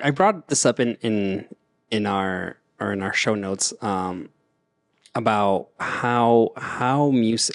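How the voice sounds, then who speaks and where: A man's voice: lowish voice, creaky, dry recording. A man co-hosting a casual podcast chat, rambling and repeating words as he talks. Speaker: podcast co-host.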